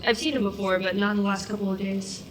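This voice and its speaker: A woman's voice: mid-range voice, fairly even intonation, quick pace, echoey room, far from the mic, a little hiss or hum, natural voice, rough recording. An actress playing a sarcastic young woman hunter with a dry, teasing way of talking. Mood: sardonic.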